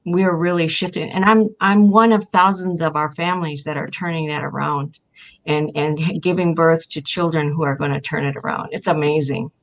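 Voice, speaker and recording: A woman's voice: deep voice, dull audio. Older woman telling heartfelt stories. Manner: emotional, heartfelt, crying at times. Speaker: guest. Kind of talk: casual storytelling.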